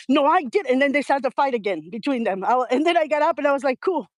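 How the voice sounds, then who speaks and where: Middle-aged lady telling a story, laughs a lot, high pitched, no room echo. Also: quick pace. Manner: lively, laughs often, acts out family quotes. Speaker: guest. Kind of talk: conversational storytelling.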